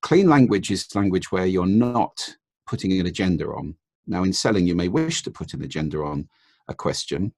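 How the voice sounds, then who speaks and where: A man, a guest expert in a podcast interview, explaining in a measured way and demonstrating intonation with his voice. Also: low-pitched, animated, darkish tone.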